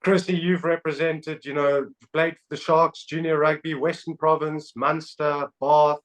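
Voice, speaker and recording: A male podcast host who used to play rugby, speaking in a fairly high voice. He tells stories in an animated way and laughs often, and the talk stays casual. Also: a little slow, low-quality recording. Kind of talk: casual chat.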